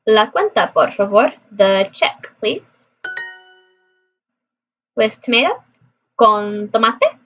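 Slow, chatty woman on a dull lo-fi track. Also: fairly high pitch, big pitch swings, faint music behind. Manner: chatty, repeats app phrases aloud. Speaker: language learner vlogger. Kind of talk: casual chat. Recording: dull lo-fi recording.

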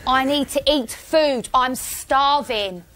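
Woman, very high, sharp voice, tearful, swearing reality-show housemate. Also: slow. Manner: swearing, repeating herself. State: upset, close to tears. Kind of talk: distressed complaining.

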